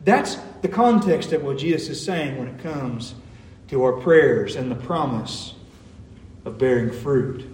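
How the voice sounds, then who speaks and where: A man's voice: mid-range voice, expressive, unhurried, a little mellow. A man preaching a sermon as pastor, earnest, building to emphatic peaks. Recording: echoey hall, mic at a distance.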